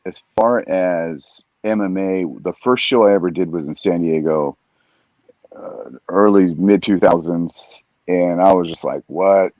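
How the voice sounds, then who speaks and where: A man who works as a fight announcer, a podcast guest telling stories in a casual, animated way and acting out what other people said. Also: deep voice, a little slow, dry recording. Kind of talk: casual storytelling in a podcast interview. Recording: dull, dry podcast audio.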